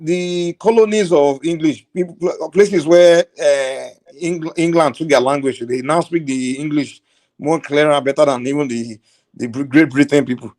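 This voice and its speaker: A Nigerian man in casual chat, offering relaxed, amused commentary. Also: a little high, normal speed.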